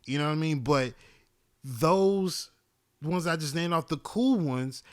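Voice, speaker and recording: A man's voice: medium pitch, a bit bright, no room sound, studio quality. A man hosting a podcast in a casual monologue, rambling, swearing freely and often asking "you know what I'm saying". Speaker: podcast host.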